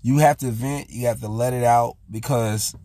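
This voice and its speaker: This vlog host has a warm, steady, medium-pitched voice at a moderate pace, with slight background noise. He delivers a casual, heartfelt monologue about raising his son, earnestly retelling what he told him with "I said."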